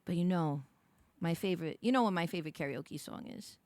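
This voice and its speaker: A young woman streaming live, chatting casually to her viewers, rambling and swearing with quick restarts. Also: lowish voice, a little mellow, dry recording.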